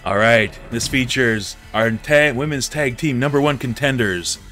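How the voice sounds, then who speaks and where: A man's voice: medium pitch, a little slow, sharp tone, faint music behind. A man streaming a wrestling game, playing a theatrical announcer who talks to viewers as folks and acts emotional. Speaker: gameplay streamer. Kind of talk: mock wrestling announcer commentary over gameplay.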